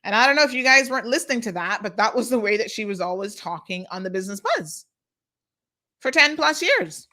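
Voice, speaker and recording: An outspoken woman hosts unscripted live commentary, talking straight to her viewers. Her voice sits a little high and sounds bright and forceful. She is emphatic and reads viewer comments as she goes. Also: sing-song, a little fast. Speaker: host of a talk show.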